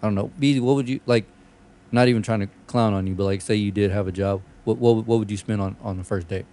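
A man's voice: lowish voice, fairly even intonation, fast, warm tone. A man co-hosting a casual chat, joking, swearing and laughing often.

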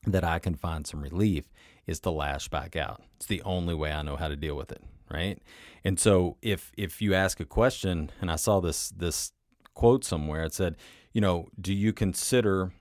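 A man's voice: deep voice, dry recording, studio quality. A man hosting a motivational self-help talk, speaking conversationally with repeated phrases and rhetorical questions, sometimes acting out inner voices. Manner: acts out inner voices in short quoted asides. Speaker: podcast host.

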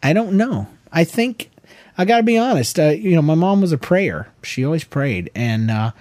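A man's voice: a little high, very animated, moderate pace, darkish tone, no room sound, clean studio sound. A man in his thirties co-hosting a podcast, chatting casually and jokingly with his wife, rambling with many restarts. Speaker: podcast co-host.

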